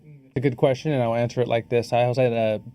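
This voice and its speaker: A man co-hosting a podcast in casual chat, joking and spinning deadpan tall tales. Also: medium pitch, fast talker, smooth. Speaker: podcast co-host.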